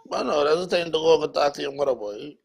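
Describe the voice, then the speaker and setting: A man's voice: a little high, expressive, fast, vocal fry, husky. A man chatting casually on a podcast, reflective and agreeable. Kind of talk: casual chat.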